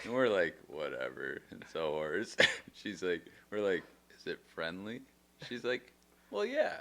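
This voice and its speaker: A man co-hosting a casual podcast, telling stories in a relaxed, amused way. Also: deep voice, unhurried, vocal fry. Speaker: podcast co-host. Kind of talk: casual storytelling chat.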